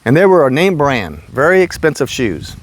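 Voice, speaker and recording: Lively older man telling stories. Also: moderate pace, noisy background. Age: 60s. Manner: animated, rambling, jumps high when quoting himself. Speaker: vlogger telling work stories. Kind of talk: casual storytelling.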